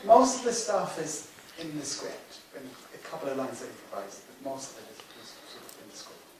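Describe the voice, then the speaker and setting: A male film director answers questions from the floor, rambling along with plenty of ums and soft chuckles. He is picked up from well off the mic in a very echoey hall. A steady hiss runs underneath. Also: a little high, a little fast, distant mic. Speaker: film director, festival guest. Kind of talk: audience Q&A answers. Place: cinema hall.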